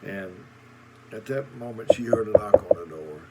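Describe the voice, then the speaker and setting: A middle-aged man preaching in a recorded sermon video, telling folksy stories with halting pauses and repeated words. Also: fairly low pitch, very noisy.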